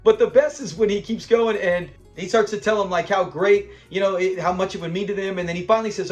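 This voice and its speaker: A man's voice: high-pitched, fast talker, few pauses, faint music behind. A man hosting a casual breakdown of a classic sitcom episode, chatty and enthusiastic, often laughing as he recaps scenes. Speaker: show review host.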